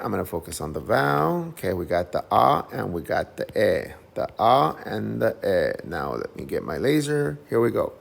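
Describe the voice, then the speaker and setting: A man's voice: sits low, vocal fry, slightly rough. A man teaching English phonics, patiently sounding out each syllable and repeating whole words several times. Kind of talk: phonics lesson.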